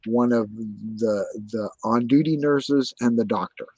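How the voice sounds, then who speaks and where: A man's voice: mid-range voice, a little slow, dark tone, no echo. A man telling his story in casual conversation, agitated and profane, insisting on the same points again and again.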